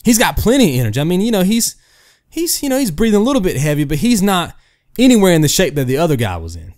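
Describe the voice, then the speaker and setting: Gaming host, male, slightly high voice that swings a lot; talks straight to camera, makes his point with made-up stories and keeps asking "right?". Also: huge pitch swings, fast, a little mellow. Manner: storytelling with hypotheticals. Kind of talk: casual rant to camera.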